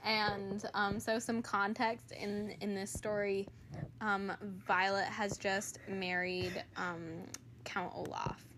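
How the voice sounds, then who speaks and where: A woman's voice: medium pitch, level tone, slow, background noise. A woman casually reading fan fiction aloud, hesitant, with fillers as she gives context.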